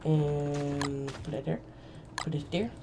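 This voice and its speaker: A woman commentating her own gameplay, swearing and yelling at the screen in sudden bursts, sometimes putting on a playful old-fashioned voice, on a cheap mic. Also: sits low, slow pace. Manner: excitable, swears a lot, sudden outbursts. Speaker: gaming channel host. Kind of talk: solo game commentary. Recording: cheap mic, faint game music.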